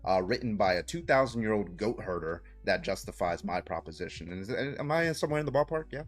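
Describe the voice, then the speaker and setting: In a heated livestream debate he hosts, a man mocks his opponent, leans on studies and keeps repeating his question. His lowish voice is expressive and quick, with faint music behind it.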